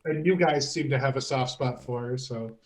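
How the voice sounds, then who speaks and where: Male player, mid pitch, earnest, keeps protesting with laughs. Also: normal speed. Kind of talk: casual tabletop banter.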